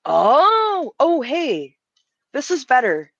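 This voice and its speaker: A woman's voice: sits high, huge pitch swings, takes it slowly, fairly bright tone, no echo, lo-fi sound. A woman streaming casual chat while drawing, flustered and rambling, laughing easily.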